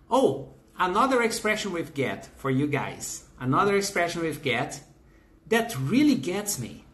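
A man's voice: fairly high pitch, a bit bright. A man in his fifties from Brazil with a Brazilian Portuguese accent, teaching a live online English class, greeting viewers by name and reading out their comments, with frequent fillers and restarts.

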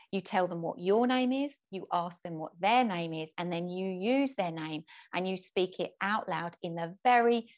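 A middle-aged woman gives a patient, step-by-step lesson to young people. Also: lowish voice. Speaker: presenter teaching kids to introduce themselves. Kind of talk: instructional talk to camera.

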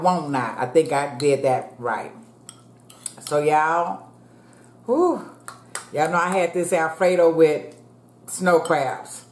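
Low, slow-talking woman in her fifties. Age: 50s. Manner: chatty, calls the viewers "y'all", prays aloud. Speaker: food vlogger. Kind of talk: casual eating chat to viewers. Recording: echoey room.

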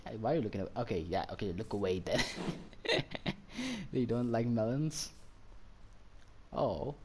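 A man giving casual, excitable commentary while playing a game, easily delighted and chatting to the animals he meets. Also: medium pitch, moderate pace, long pauses, breathy edge. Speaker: gaming channel host. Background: background music.

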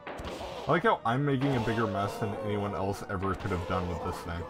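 A man giving casual, excitable gameplay commentary and swearing often. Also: fairly low pitch, brisk, music in the background.

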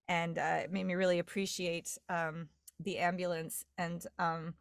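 A woman's voice: on the low side, flat delivery, measured pace, creaky, clean tone, dry recording, studio quality. A woman from New York, a dialect coach, telling stories in a rambling casual chat full of fillers and restarts. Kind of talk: casual podcast conversation.

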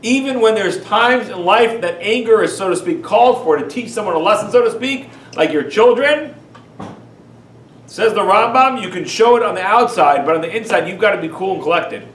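A rabbi gives an animated, emphatic lecture, firing rhetorical questions at his listeners. His voice is high for a man. The recording is roomy and echoey, with the mic well away from him. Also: normal speed, slight background noise. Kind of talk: lecture on Jewish teachings. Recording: echoey room, far from mic.

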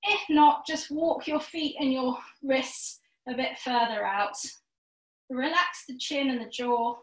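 A woman with a high voice leads a yoga class at an unhurried pace, calling out poses and cheering her students on. She sits some way back from the mic in an echoey room. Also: recorded from a distance. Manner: encouraging, calls out poses in quick rounds. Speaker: yoga instructor. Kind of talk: guided yoga class instruction.

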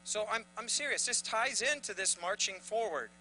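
A man's voice: high voice, normal speed, bright, forceful tone, soft background music, rough recording. A man preaching a sermon to his congregation, building to emphatic bursts. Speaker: pastor.

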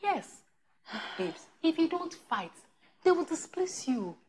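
Scheming friend, nigerian accent, insinuating, lively pitch. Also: female voice, slow, exaggerated voice. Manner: conspiratorial, insinuating. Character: scheming gossip friend giving bad advice.

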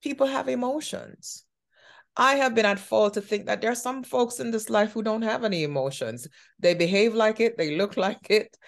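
A woman hosting an interview, talking in a slow, thoughtful way with drawn-out phrasing. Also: on the high side, gravelly. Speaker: podcast host. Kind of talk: reflective conversational interview.

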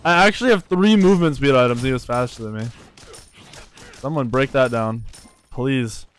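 A young man streaming a game live, commenting excitedly, swearing, trash-talking and thanking viewers from chat. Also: mid-range voice, moderate pace, clear, resonant tone. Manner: reads out chat and thanks donors.

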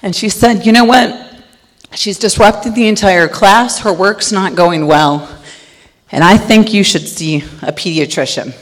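A middle-aged woman giving a conference talk, loud and animated as she tells stories. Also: medium pitch, measured pace. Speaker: conference speaker. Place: large conference hall. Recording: long hall reverb.

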